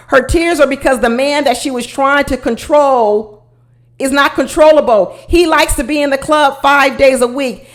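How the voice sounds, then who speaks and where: Woman show reviewer with a high voice, emphatic and chatty, laughs a lot. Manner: animated, emphatic, laughs often; talks directly to viewers. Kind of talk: casual commentary vlog.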